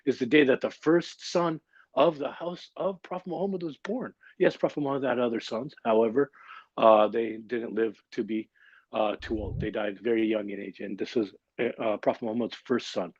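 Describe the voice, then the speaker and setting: A man's voice: mid-range voice, fairly even intonation, moderate pace, dry recording, lo-fi sound. A man hosting a religious gathering on a livestream, in an upbeat and informal way that includes jokes. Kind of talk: casual livestream announcing. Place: online livestream.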